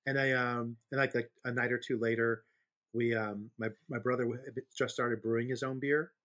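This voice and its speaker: A man's voice: medium pitch, little pitch movement, moderate pace, a bit bright. A man in his fifties, co-hosting a podcast, telling long rambling stories in casual chat and laughing easily. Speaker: podcast co-host.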